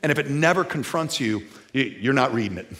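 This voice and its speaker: A man preaching a sermon to a live congregation, animated, with folksy asides, moving between loud and quiet. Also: medium pitch, fairly quick. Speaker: pastor. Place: church before a live congregation.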